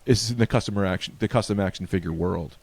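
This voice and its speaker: A man's voice: quick pace, vocal fry, slightly rough, dry recording. A man with a New York accent, a comedian guest telling a comic story and acting out both sides of it. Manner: acts out both sides of a story, rising loud and high.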